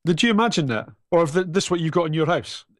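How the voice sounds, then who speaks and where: A man's voice: fairly high pitch, animated, fast. A man with a Scottish accent, a guest panelist in casual, jokey banter who laughs often.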